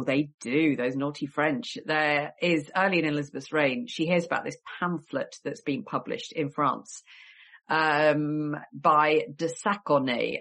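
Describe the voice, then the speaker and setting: Low-voiced woman with a cold, chatting. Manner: chatty storytelling with wry asides. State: has a cold. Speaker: guest historian and author. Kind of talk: conversational podcast interview.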